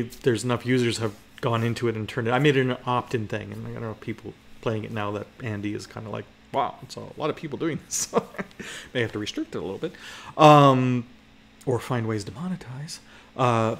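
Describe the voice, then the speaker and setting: A man presenting live to an audience, talking loosely and restarting his sentences. He keeps checking in with the room as he explains. His pitch is mid-range. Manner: loose, rambling, many restarts and "okay?" checks. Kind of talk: live conference talk.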